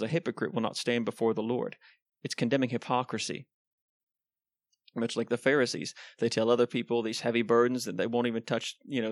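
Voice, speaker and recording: A man's voice: mid-range voice, dry recording. A man preaching a sermon in an earnest, conversational way, with frequent ums and asides.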